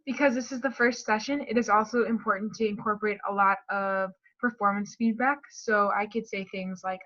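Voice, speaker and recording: A woman explains a speech therapy lesson plan at a mid pitch. She reads from a prepared script and stumbles and restarts now and then. The recording sounds dull and lo-fi. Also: fairly even intonation, a little fast, few pauses, a bit bright.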